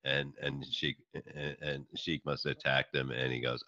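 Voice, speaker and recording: A middle-aged New man with an extremely low voice that still has a sharp, forceful edge. He tells stories in a rambling, halting way, restarting his sentences often. The recording is dry and a little muffled. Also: flat delivery, no echo. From New York. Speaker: comedian and podcast guest. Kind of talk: casual interview chat.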